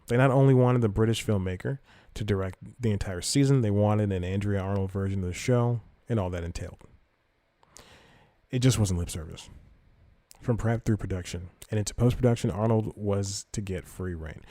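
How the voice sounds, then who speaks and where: He's a podcast host talking news in a relaxed way, his low, mellow voice moving at a moderate pace as he wanders, self-corrects, and reads articles. The close, dry recording carries no room sound.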